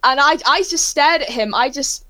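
A woman telling a story as an interview guest, excitable and rambling, often laughing. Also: sits high, moderate pace, no room sound.

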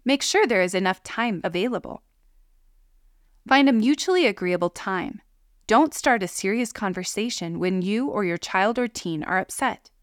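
A woman giving calm, measured scripted narration of parenting guidance. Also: medium pitch, no room sound, studio quality. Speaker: parenting educator.

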